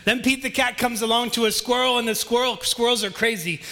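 A man's voice: very high voice, fairly even intonation, fairly quick, bright, forceful tone. A man telling a children's story to a congregation and then preaching, with a playful, self-deprecating manner.

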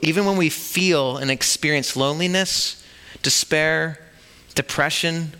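A man's voice: on the high side, a little slow, pushed and bright, clean tone. A man preaching a sermon at a church service, talking conversationally and asking the congregation rhetorical questions. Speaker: pastor.

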